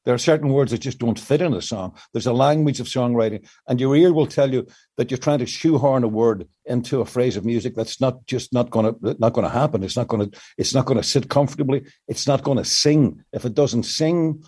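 A man's voice: mid-range voice, a little fast, darkish tone, slightly rough. An older male songwriter explaining his craft at length in an interview, with many restarts. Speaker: songwriter guest. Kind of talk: reflective interview answers.

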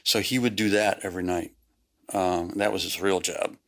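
A man, a former surveillance agent, recalling a case in an interview, speaking haltingly. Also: low voice, steady tone. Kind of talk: interview recollection.

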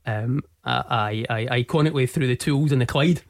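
A Scottish man in his forties, a guest telling a personal story in an earnest, halting way, often repeating his words. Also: mid-range voice, creaky, no room sound, clean studio sound. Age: 40s. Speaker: interview guest.

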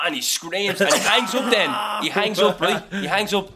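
Fast, bright host telling a story. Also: male voice, fairly high pitch. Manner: swearing, teasing, animated. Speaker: podcast host. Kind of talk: casual storytelling chat.

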